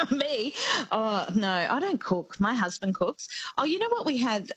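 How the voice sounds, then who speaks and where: A woman's voice: on the high side, sing-song, measured pace, breathy edge, no room sound, low-quality recording. A woman co-hosting a radio show, chatting casually and wandering off on tangents. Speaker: radio co-host. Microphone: studio mic.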